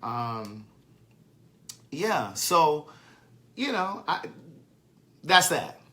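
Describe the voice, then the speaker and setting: Bright-voiced chatty man telling a story. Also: a little high, big pitch swings, very slow. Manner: chatty, swearing, laughing at his own story. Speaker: author and live-streamer. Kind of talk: casual storytelling monologue.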